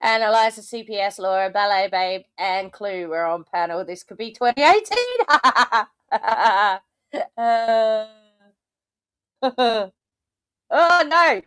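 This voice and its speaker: A woman's voice: medium pitch, expressive, slow pace, a bit bright, clean tone, no echo, clean studio sound. Sarcastic woman commentator. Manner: sarcastic, swearing, mocking. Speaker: host reacting to clips. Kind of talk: casual commentary over clips.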